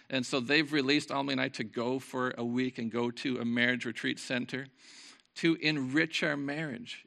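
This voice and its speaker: A man preaching an informal, earnest sermon to his church, reading scripture and moving between lively talk and soft, quiet passages. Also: on the high side, creaky. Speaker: pastor. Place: church service.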